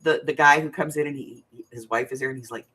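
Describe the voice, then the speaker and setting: A woman's voice: extremely low pitch, steady tone, fast talker, pushed and bright, breathy edge. Older woman, grandmother, crafting livestream host, blunt, rambling. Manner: blunt, rambling, talks straight to viewers. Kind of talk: casual livestream chat.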